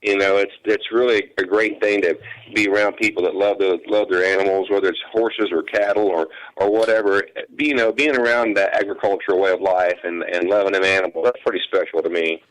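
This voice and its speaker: A country musician who farms hay, talking as a guest on a radio show in an easygoing, rambling way with lots of restarts. His voice sits a little low. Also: fairly even intonation, fairly quick, few pauses, low-quality recording. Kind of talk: casual radio interview.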